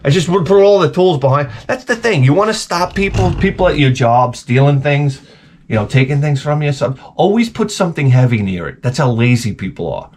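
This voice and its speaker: Male video host, comic ranter who swears freely, animated pitch, talking in a garage workshop. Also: fairly quick, a little hiss or hum. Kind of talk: comedic rant.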